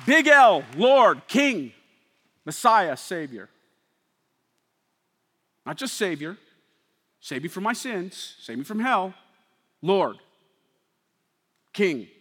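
Man, preacher, high bright voice, loud-to-hushed delivery, reverberant hall. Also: very animated, slow, pauses often. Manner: preaching with swings from loud to quiet and intense. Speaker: pastor. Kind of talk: sermon.

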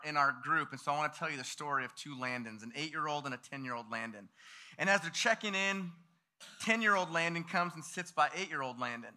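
A man in his thirties preaching, telling a story in an animated way and acting out the voices of the people in it. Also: fairly high pitch. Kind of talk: sermon storytelling.

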